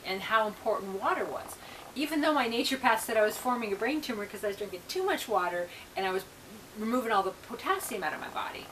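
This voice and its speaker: Woman rambling on camera, bright tone, lots of ums, faint hiss behind. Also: medium pitch, poor audio. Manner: meandering, full of ums and restarts. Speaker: reverend vlogger. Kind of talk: rambling casual monologue.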